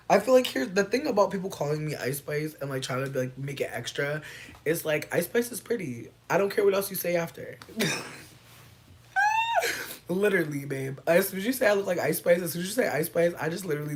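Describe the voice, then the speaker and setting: Laid-back streamer woman, swearing, playful. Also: low voice. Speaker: livestreamer answering chat. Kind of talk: casual livestream chat.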